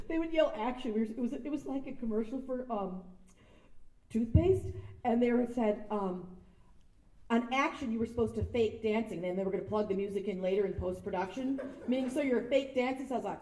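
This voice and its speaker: Woman, fairly high voice, chatty self-deprecating speaker, echoey event space. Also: fairly quick, warm tone, far from the mic. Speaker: guest speaker. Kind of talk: casual anecdotal speech. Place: sound stage event space. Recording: echoey room.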